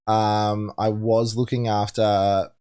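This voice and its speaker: A man's voice: on the low side, level tone, slow pace, warm tone, clear, resonant tone. A young man, a bit tipsy, chatting as a podcast guest and telling stories with laughs and plenty of swearing. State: tipsy from drinks. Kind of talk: casual podcast chat.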